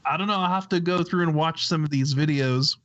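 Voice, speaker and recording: A man co-hosting a livestream in a casual chat, thinking aloud slowly with many restarts. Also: a little high, fairly bright tone, dry recording, muffled recording. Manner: slow, thoughtful, hesitant with restarts. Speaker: podcast co-host.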